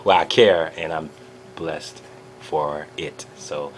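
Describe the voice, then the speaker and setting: Low-voiced man excitedly retelling a story. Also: takes it slowly, background noise. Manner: animated storyteller, acts out quotes with fillers. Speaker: vlogger. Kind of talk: excited personal recap.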